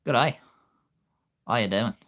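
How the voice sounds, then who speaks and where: A man's voice: medium pitch, measured pace, fairly bright tone, natural voice. A man putting on an Australian accent as a chirpy, matey bloke greeting people. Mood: cheery. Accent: Australian (put on).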